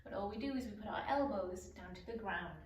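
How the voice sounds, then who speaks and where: A woman teaching a children's circle-time lesson, speaking in a slow sing-song voice and stretching out letter sounds. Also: medium pitch. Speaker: preschool teacher. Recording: echoey room, voice from far off.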